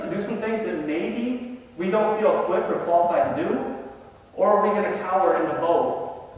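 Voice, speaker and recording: Guy giving a sermon in a church, kinda high voice, lots of hall echo. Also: a little hiss or hum. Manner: conversational, asks the congregation questions. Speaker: lay preacher. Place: church sanctuary. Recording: echoey hall, voice from far off.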